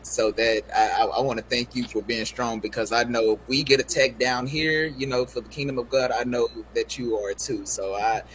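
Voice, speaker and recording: A man's voice: medium pitch, fairly even intonation, normal speed, hardly any pauses, a bit bright, slight background noise, low-quality recording. A male host, affirming and preacherly, often saying "you know.". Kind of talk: casual interview chat.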